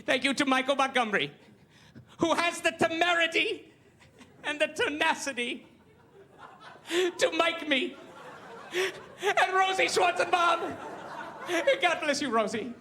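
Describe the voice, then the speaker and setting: A man's voice: very high-pitched, lively intonation, measured pace, pauses often, sharp tone, slight background noise, pitched above the performer's own voice, full character voice. A comedian playing a pompous, self-adoring older male TV interviewer who gives a tearful, flowery acceptance speech on stage. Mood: pompous, weepy. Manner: grandiose, flowery, over-emotive speech. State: tearful, breaking down.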